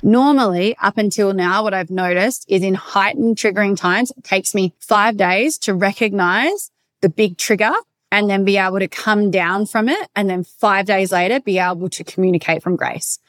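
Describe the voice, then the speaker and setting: A woman's voice: medium pitch, normal speed, no room sound. A woman coach talking alone on her podcast in a direct, emphatic way, swearing casually as she reflects. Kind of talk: solo podcast monologue.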